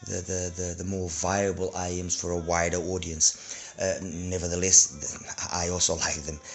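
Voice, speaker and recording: A man with a hoarse voice from a throat infection and cold, reviewing earphones in a rambling, casual way with many fillers and restarts. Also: sits low, little pitch movement, normal speed.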